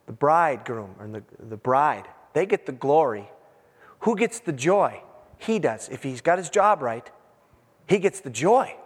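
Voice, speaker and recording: Man pastor, fairly high voice, lively storytelling sermon, long church reverb. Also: a little slow, breathy edge. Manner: animated, joking, acts out scenes. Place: church sanctuary.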